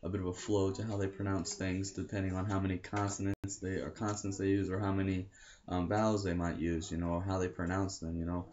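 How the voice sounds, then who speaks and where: A man's voice: low-pitched, flat delivery, quick pace, darkish tone, lo-fi sound. A young American man talking casually to camera about learning languages, rambling and often correcting himself. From United States. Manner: rambling, self-correcting, many fillers.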